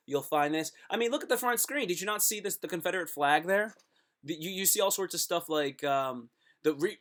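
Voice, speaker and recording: A man's voice: fairly high pitch, fairly bright tone. A man live-streaming comedy, rambling and joking, often repeating himself.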